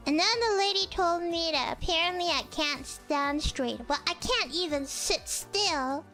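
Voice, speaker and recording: A young woman streamer chats in an extremely high, squeaky voice. She is excitable, full of exclamations, and mocks herself as she tells a story. Soft music plays quietly underneath. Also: slow. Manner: excitable, exclaiming, self-mocking. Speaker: virtual streamer. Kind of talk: casual storytelling chat.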